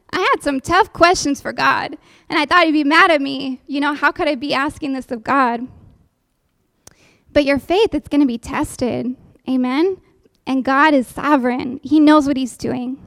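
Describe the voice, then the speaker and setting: Lady preaching at church, high voice, dry close sound, earnest, keeps asking amen. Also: creaky, fairly bright tone, no echo. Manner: earnest, calls out to the congregation for amens. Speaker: church speaker giving a testimony. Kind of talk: sermon with a recited poem.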